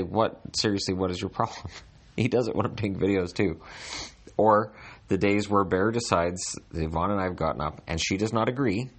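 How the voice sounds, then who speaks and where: A middle-aged man with a deep, low voice chats on his podcast from a hotel room. His humor is dry and self-deprecating, and he often restarts his sentences as he goes. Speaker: podcast host. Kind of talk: casual solo podcast chat.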